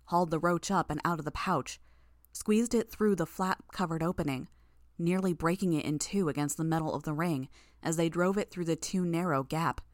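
A woman narrating fiction in the first person, in a measured, tense way. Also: lowish voice, dry recording, studio quality. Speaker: audiobook narrator.

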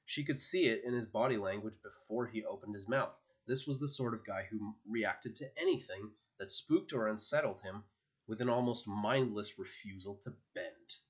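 A man narrating an audiobook in a steady, expressive storytelling manner. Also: on the low side, moderate pace.

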